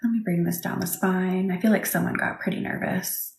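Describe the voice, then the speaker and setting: A woman leading a live Reiki session and chatting with viewers, speaking softly and reassuringly, sometimes dropping to a whisper. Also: fairly low pitch, steady tone, brisk, vocal fry, few pauses. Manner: soft, reassuring, often drops to a whisper. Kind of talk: livestream chat with viewers. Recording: echoey room with faint background noise.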